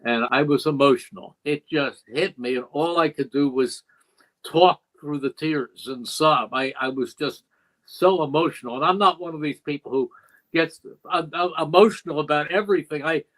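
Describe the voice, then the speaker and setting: A man's voice: fairly high pitch, moderate pace, a bit bright, low-quality recording. An older man, a veteran radio play-by-play broadcaster, telling stories earnestly in an interview and acting out quoted dialogue. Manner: earnest, reflective storyteller who acts out quoted dialogue. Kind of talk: interview storytelling.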